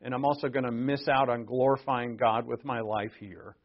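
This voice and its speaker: A man's voice: mid-range voice, steady tone, normal speed, highs cut off. A man giving a sermon in an earnest, conversational way, stopping to restart and then pressing points with sudden emphasis. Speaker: preacher.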